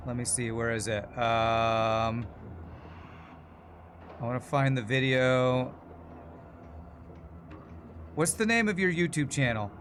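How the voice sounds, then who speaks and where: A man's voice: mid-range voice, slow pace, long pauses, a bit bright, a little hiss or hum. A man streaming a video game, chatting casually and rambling between the plays and chat messages. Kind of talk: casual gameplay commentary.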